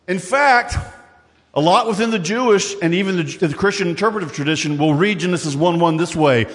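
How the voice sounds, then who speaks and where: A man preaching a sermon in an animated, conversational way, with quick asides and repeated words as he works through scripture. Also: high-pitched, long reverb tail. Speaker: pastor.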